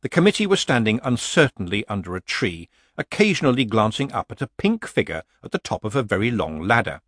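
A man's voice: lowish voice, sing-song, a little fast, a bit bright, no room sound, clean studio sound. A man narrating a comic fantasy story as an audiobook reader.

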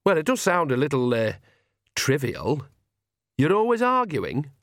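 Blunt young witch, impatient and sharp, pitched well up, read by a male narrator. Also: huge pitch swings, measured pace, dry recording, clean studio sound, full character voice. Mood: sharp, urgent.

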